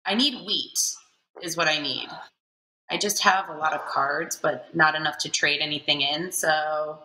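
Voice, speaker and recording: Young woman mulling over her game moves, lowish bright voice, roomy echo on the mic. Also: steady tone, measured pace, a little hiss or hum. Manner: hesitant, thinking aloud. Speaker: player. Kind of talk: casual game chat.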